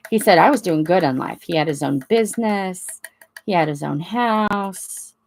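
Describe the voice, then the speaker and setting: Gravelly low-voiced woman telling a story. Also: normal speed, a little hiss or hum. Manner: rambling, animated retelling with quoted dialogue. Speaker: crafting channel host. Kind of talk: casual storytelling chat.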